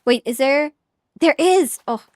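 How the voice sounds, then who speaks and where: A young woman from Ireland chats with her viewers while streaming a game, her high voice bubbling with giggles. She rambles from one thought to the next and playfully catches and corrects her own slips. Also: a little slow. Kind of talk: casual gameplay chat with viewers.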